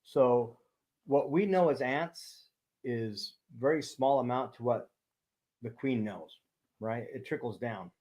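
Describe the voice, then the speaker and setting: A man's voice: mid-range voice, slow pace, darkish tone, rough recording. A man, a former police intelligence officer, explaining in casual chat and tagging points with "right?". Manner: explains steadily, tags lines with "right?".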